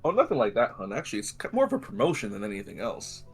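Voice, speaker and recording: A man's voice: lowish voice, huge pitch swings, rapid-fire. A man playing a tabletop game, casual and joking in character. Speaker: player.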